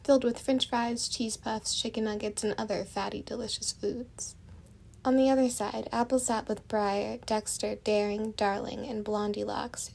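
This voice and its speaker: Woman, story narrator, gravelly, mid pitch, steady, descriptive. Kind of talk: storybook reading of fan fiction.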